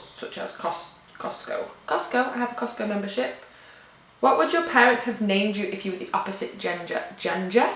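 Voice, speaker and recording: Young english girl reading out tag questions and answering quick, british accent, roomy echo. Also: medium pitch, a bit bright. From England. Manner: chatty, reads questions aloud and answers offhand. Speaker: vlogger. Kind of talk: casual tag video chat.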